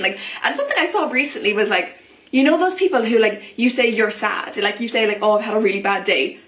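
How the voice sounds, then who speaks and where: A young adult woman vlogger talking casually to camera in an animated, excitable rant, her voice jumping up often. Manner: animated, excitable, frequent pitch jumps and laughs. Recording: echoey room.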